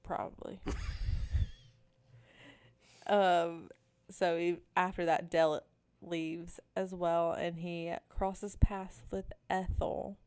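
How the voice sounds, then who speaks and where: A woman's voice: fairly low pitch, little pitch movement, drawn-out words, long pauses, darkish tone, clean tone. A woman co-hosting a podcast, recapping episodes in a laid-back, casual chat full of "um" and "like". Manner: laid-back storytelling with frequent "um" and "like".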